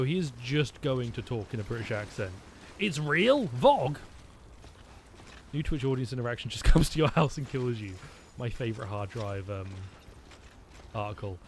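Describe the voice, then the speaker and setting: Man, game streamer, rambling jokey commentary, medium pitch, faint background hiss. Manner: rambling, joking, talks to his chat. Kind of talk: let's-play commentary.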